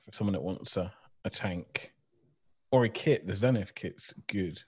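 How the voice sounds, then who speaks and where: A man's voice: deep voice, unhurried, darkish tone, husky. A man co-hosting a casual podcast, blunt and sweary, telling stories with laughter. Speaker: podcast co-host, vape shop worker.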